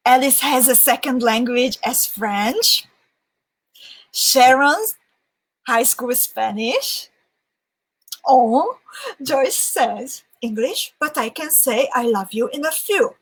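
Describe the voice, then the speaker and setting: A woman hosts a live crafting stream in a relaxed, chatty way, working through viewer comments one by one. Her voice sits a little high and has a soft, breathy edge. She takes her time and laughs easily between the names she reads. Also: takes it slowly, pauses often, poor audio. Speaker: host of live beading sessions. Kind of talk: casual livestream chat.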